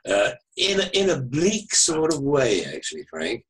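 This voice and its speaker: A man's voice: mid-range voice, a little slow, poor audio. An older man, an author, telling a story with wry humour in an online interview over a video call. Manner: anecdotal, wry, lively storyteller.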